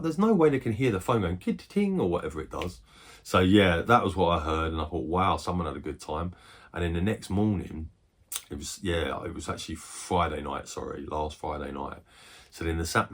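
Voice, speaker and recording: A man in his forties chatting casually as a retro game collector, rambling through stories, swearing freely and breaking into quick bursts of excitement. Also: low-pitched, breathy edge. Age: 40s. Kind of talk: casual chat.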